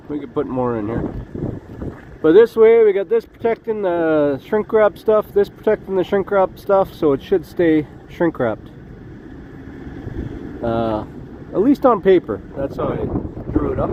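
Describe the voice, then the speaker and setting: High-voiced chatty trucker in wind. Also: male voice, dull audio. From Canada. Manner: chatty, jokey, exclaiming at gusts. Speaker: truck driver. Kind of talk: casual vlog chat. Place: outdoors beside a truck in strong wind. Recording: loud wind noise on mic. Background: wind gusts.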